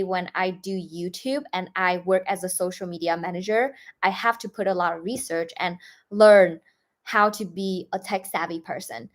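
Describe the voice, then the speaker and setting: A young woman from Vietnam chatting casually on a livestream, answering viewer questions in a loose way full of fillers and restarts. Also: on the low side.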